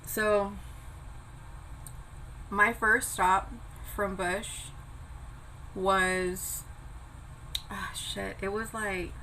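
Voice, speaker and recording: A young woman talks slowly and easily between bites of food, with a bright, clear tone. She swears casually as she chats. A faint hum sits in the background. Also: medium pitch, level tone, rough recording. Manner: chatty, eats while talking, swears casually. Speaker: vlogger. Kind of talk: casual mukbang chat.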